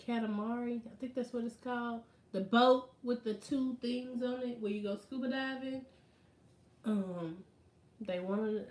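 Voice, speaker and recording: A woman vlogger in casual chat, telling stories in an animated, slangy way. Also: on the high side. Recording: roomy echo.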